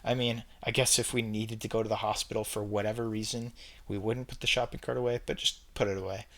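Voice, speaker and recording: A man's voice: fairly low pitch, level tone, fast talker, vocal fry, fairly bright tone. A young man talking straight to camera in a casual opinion vlog, emphatic and repeating his points with chatty fillers. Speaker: vlogger ranking red flags.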